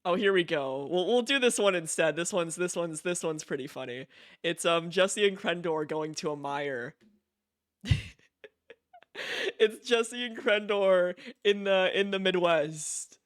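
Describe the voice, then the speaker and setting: A man's voice: high-pitched, a little slow, dry recording, clean studio sound. A man streaming, chatting casually and giggling, often repeating himself and restarting as he talks. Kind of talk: casual chat.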